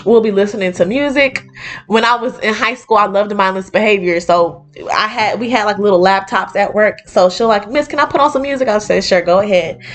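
A woman's voice: mid-range voice, moderate pace. Young woman telling stories casually. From United States. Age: young adult. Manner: animated, acts out quoted voices. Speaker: podcast host. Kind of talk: casual storytelling.

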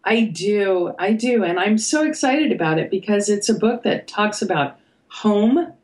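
A woman's voice: medium pitch, lively intonation, unhurried, poor audio. Older woman musing about faith. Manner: thoughtful, hesitant, with fillers and soft laughs. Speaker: author and podcast guest. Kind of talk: reflective conversation.

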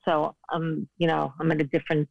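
A woman's voice: sits low, flat delivery, fairly quick, gravelly, dry recording, dull audio. A woman in her sixties, a guest speaking candidly in casual conversation over a video call. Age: 60s. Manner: candid, chatty, self-deprecating.

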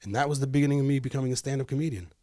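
A man's voice at a middle pitch, recorded close and dry. He tells stories in loose, casual talk, swears a lot and acts out the people he meets. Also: racing, no room sound. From Detroit. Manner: animated storyteller, swears freely, voices the people in his stories. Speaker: comedian guest. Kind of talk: casual podcast storytelling.

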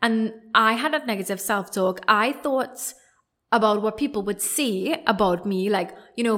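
A woman's voice: mid-range voice, moderate pace, a bit bright. A young adult woman, a yoga teacher, telling a personal story on her podcast in a chatty, rambling way full of "like". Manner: chatty, rambling, heavy on 'like'. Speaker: podcast host.

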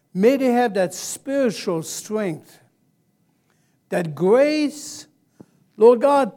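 A man preaching a sermon to a congregation, leading them in call-and-response and rising to loud exclamations. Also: high-pitched. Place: church service.

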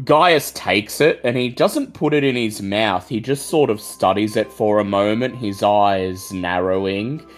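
Brief: man player narrating his character, quick and wry, faint music behind. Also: on the low side. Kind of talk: tabletop role-play, narrating his character.

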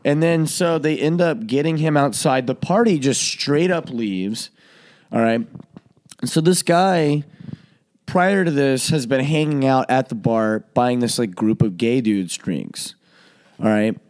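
A man hosting a podcast, telling a story to friends in a casual way, swearing and laughing often and jumping into loud, high voices when he quotes people. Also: measured pace. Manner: profane, laughing often while he tells the story. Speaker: podcast host.

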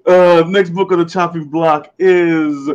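A man's voice: on the high side, fairly even intonation, takes it slowly, dull audio. A man co-hosting a casual podcast, laughing often as he reads out comic book credits, sometimes stumbling over names. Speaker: podcast co-host presenting comics.

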